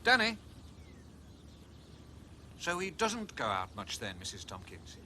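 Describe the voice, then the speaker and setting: An actor playing an easygoing police constable who asks questions in a polite, brisk way, in a television police drama. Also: male voice, mid-range voice, huge pitch swings, bright, forceful tone, slight background noise, heavily acted.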